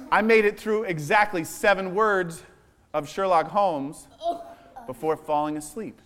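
A man speaking as a visiting children's author at a school assembly, telling an adventure story in a playful, animated way to the children. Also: high voice, unhurried.

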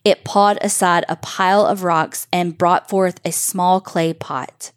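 Woman storyteller, lowish voice, dry close sound, children's tale. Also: no echo. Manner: measured, expressive storytelling. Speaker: narrator. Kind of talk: reading a children's story aloud.

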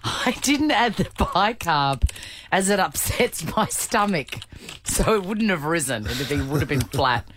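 Woman radio host, unhurried and giggly, reading reviews over clear studio noise. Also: on the low side, expressive, a bit bright. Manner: giggly, reads listener reviews aloud. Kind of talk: casual radio banter.

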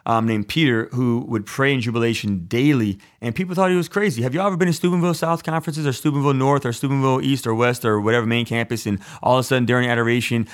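Guy preaching, easygoing chatty way of talking, average pitch, keeps saying like and right. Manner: conversational, relaxed, frequent "like" and "right". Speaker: Catholic preacher. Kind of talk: casual teaching talk with personal stories.

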